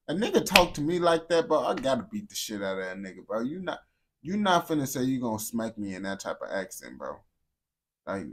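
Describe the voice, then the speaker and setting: A man streaming and reacting to clips in casual, profane, slangy commentary. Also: fairly low pitch. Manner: blunt, profane, slangy banter.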